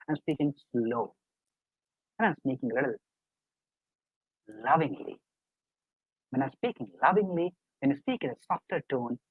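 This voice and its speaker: Tinny high-voiced man coaching online. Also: dry recording. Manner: earnest, repetitive, coaxing the audience. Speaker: life coach presenting a webinar. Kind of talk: live webinar lecture. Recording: dry, tinny phone-like online call audio.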